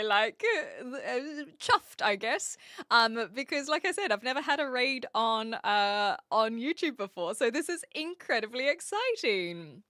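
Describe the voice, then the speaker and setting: A woman with a mixed New Zealand, Australian and British accent chats casually on a live stream, often giggling. Her voice sits high and swoops up and down with lots of life. The sound is bright and dry, close to the mic. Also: no echo. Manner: giggly, reads viewer chat aloud. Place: attic.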